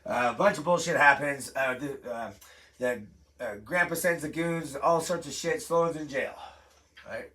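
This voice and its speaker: A man's voice: a little high, normal speed, pushed and bright. A man performing a stand-up comedy set in a living room, retelling a story in a profane, rambling way full of asides. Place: living room with a home-built stage.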